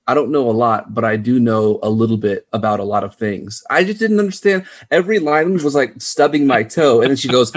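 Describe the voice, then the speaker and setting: A man's voice: medium pitch, normal speed. A man co-hosting a casual movie review podcast, animatedly quoting lines from a film. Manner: animated, quotes dialogue in retelling. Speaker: podcast co-host.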